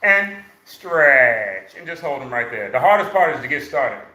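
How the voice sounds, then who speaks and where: A man leading a live exercise class for seniors, counting reps loudly, joking and coaxing the class along. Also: mid-range voice, sing-song, normal speed. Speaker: senior fitness instructor. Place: exercise room. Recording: echoey room.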